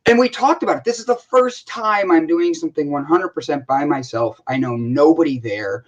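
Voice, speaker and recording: A man with an American accent tells a story in a casual co-hosted chat. His voice sits high, and he talks in an animated way, starting his sentences over again and again. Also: moderate pace, poor audio. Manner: animated storytelling with many restarts. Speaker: co-host.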